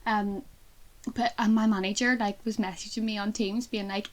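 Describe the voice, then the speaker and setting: A young Northern Irish woman in her twenties, chatting as a podcast co-host. Her voice sits at an ordinary middle pitch, and she rambles through stories with plenty of fillers and asides. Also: fairly even intonation, fairly quick. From Northern Ireland. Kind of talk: casual chat.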